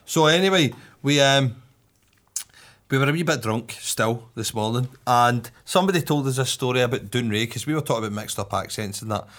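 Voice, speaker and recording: A man's voice: medium pitch, a little fast, a bit bright. A Scottish man co-hosting a podcast, telling stories in loose, swearing, laughing casual chat. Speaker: podcast co-host.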